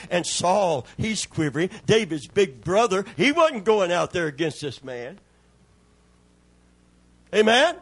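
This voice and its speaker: An emphatic male pastor preaching a sermon in a high, husky voice. He presses his points hard and keeps calling for amens and hallelujahs. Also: big pitch swings, measured pace, pauses often, fairly bright tone.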